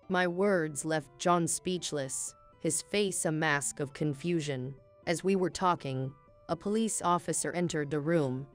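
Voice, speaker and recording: A woman narrating a scripted first-person story in a calm, cool, measured manner. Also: low-pitched. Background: faint music.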